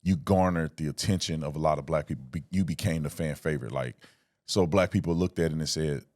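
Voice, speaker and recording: A man hosting an interview, asking questions in a halting way, thinking out loud. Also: extremely low pitch, no echo, clean studio sound. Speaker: podcast host. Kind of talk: casual interview talk.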